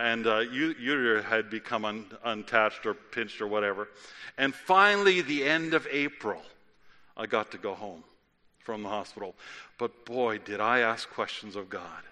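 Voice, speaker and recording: A man's voice: mid-range voice, animated, moderate pace, bright, forceful tone. A man preaching a sermon and telling stories, reading quotes aloud with feeling. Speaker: pastor. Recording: long reverb of a large hall.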